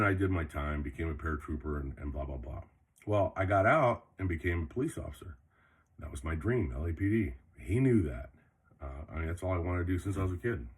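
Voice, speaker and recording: Low husky older man telling stories. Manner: profane, rambling, blunt. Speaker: vlogger. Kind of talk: casual storytelling monologue.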